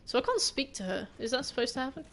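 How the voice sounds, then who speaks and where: A woman's voice: high voice, sing-song, fast talker, fairly bright tone, a little hiss or hum. A woman game streamer giving casual, rambling gameplay commentary and swearing now and then.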